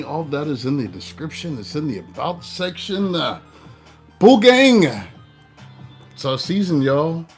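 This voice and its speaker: A man hosting his own tarot channel, chatting in a laid-back, slangy, talkative way before leading a spoken blessing. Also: medium pitch. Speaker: tarot reader and channel host. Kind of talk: casual chat and spoken blessing.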